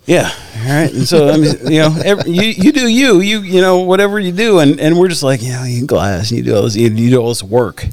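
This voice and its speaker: A man's voice: a little high, quick pace, few pauses, dry recording. Guy rambling thru hunting stories, laughs a lot, dry close sound. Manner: rambling, laughs often, many fillers. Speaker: hunter telling stories. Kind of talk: casual storytelling chat.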